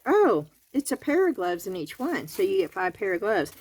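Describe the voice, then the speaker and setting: A woman's voice: lowish voice, expressive, moderate pace, few pauses. A woman with a Southern US accent chatting homespun-style through a craft kit review in her garage, counting items aloud. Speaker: crafting video host. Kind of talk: real-time product review and tutorial. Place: home garage.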